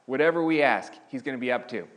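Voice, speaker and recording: Speaking quickly and expressively at a medium pitch, a man preaches a sermon from a church sanctuary. His delivery is casual and full of restarts, climbing in emphasis whenever he reaches a key point.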